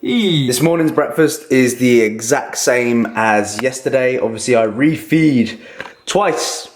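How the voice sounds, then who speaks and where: A young man vlogging casually, rambling with excitement and swearing freely. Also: medium pitch, a little slow. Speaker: fitness vlogger. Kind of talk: casual vlog chat. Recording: roomy echo, faint noise.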